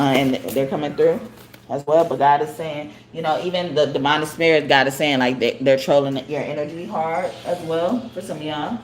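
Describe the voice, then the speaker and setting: A woman's voice: low voice, a little hiss or hum. A woman giving a live spiritual card reading, chatty, often tagging her lines with "okay?" and laughing. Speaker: tarot card reader.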